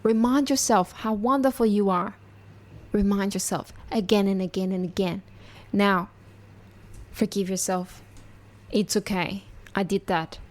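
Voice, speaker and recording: Woman podcast host, mid pitch, earnest and encouraging tone, talks straight to the listener. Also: steady tone, a little slow. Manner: earnest, reassuring, speaks directly to listeners.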